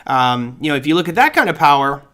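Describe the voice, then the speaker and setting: A man's voice: on the high side, sing-song, fast talker, pushed and bright. A middle-aged man hosting a live trading show, giving casual market commentary, thinking aloud and reading viewer comments.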